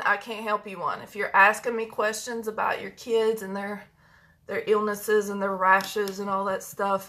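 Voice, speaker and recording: A woman's voice: medium pitch, fairly bright tone. A woman chatting casually with viewers while doing her makeup, joking and folksy, a little congested. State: congested with mucus. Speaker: beauty vlogger and medical practitioner. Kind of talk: casual live makeup chat.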